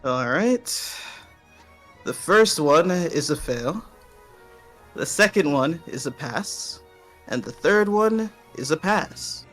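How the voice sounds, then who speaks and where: A man's voice: fairly high pitch, animated, takes it slowly, fairly bright tone, faint music behind. A man playing a tabletop game, talking casually in character. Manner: casual, plain in-character talk. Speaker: player.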